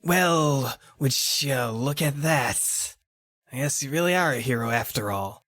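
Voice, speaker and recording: A man's voice: medium pitch, unhurried, a bit bright, dry recording, clean studio sound, natural voice. A man voicing a sleazy, jaw-unhinging male villain with a mocking drawl. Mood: smug.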